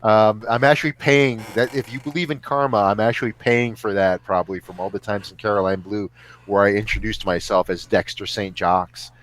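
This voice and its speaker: A man's voice: fairly low pitch, steady tone, a little fast, a bit bright, a little hiss or hum. A man chatting casually as a podcast guest over a remote call, rambling and joking with frequent laughs. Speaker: guest actor.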